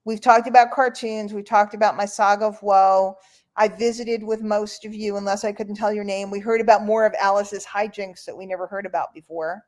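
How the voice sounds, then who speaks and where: A woman from New York hosting an online call in casual, rambling chat. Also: mid-range voice. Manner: chatty, rambling, playful.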